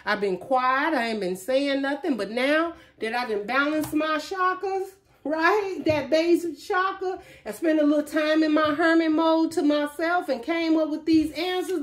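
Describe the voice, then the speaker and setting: A woman's voice: sits high, natural voice. A woman voicing a heartbroken woman who speaks in first person about walking away and moving on. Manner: earnest, resolute first-person confiding. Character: heartbroken woman resolving to move on.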